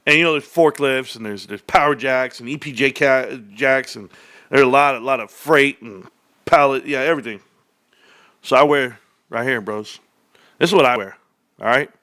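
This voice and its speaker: A middle-aged man hosting a casual livestream, energetic and animated, laughing often. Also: mid-range voice, normal speed, dry recording, clean studio sound. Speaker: livestream host.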